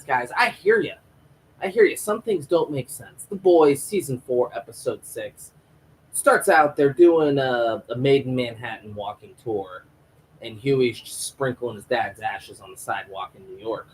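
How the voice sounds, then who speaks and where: A man's voice: mid-range voice, slight background noise, low-quality recording. A man hosting a live stream review of a TV episode, ranting and rambling in a casual, profane way into a home microphone.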